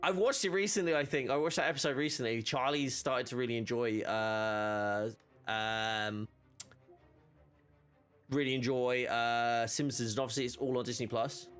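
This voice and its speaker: A man's voice: medium pitch, fairly even intonation, normal speed, fairly bright tone, clean tone, soft background music. A man chatting casually while streaming a game, rambling with lots of fillers and restarts. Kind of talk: casual gaming stream chat.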